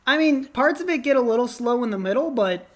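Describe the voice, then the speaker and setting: A woman co-hosting a film podcast, excitable and jokey, quick to protest in casual banter. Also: fairly high pitch, heavy background noise. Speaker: podcast co-host. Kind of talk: casual comedic film chat.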